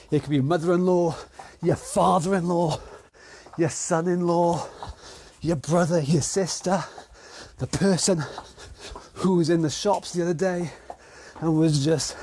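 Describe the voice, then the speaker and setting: A man's voice: a little high, mellow. A British man with a stuffy nose, leading an online exercise class and encouraging people as he counts them through each round. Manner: upbeat, encouraging, counting down reps. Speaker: fitness instructor.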